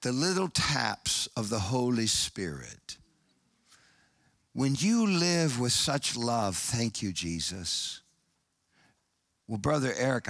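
Animated male preacher, dry sound. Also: mid-range voice, no room sound. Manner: animated, swings from loud excited storytelling to hushed solemn passages. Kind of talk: sermon with storytelling.

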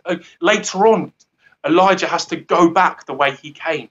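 A man's voice: fairly high pitch, normal speed, a bit bright, highs cut off. A man giving an earnest, rambling devotional talk who often laughs at himself. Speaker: guest speaker.

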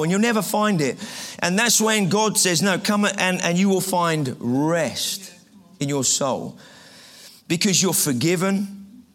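High-voiced man preaching. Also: a bit bright. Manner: conversational, repeats phrases, asks the audience questions. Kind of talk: sermon. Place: room with a live audience.

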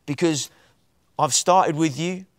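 Preacher doing a gentle teacher voice, man, soft and reassuring, dry sound. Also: fairly high pitch, takes it slowly, no echo.

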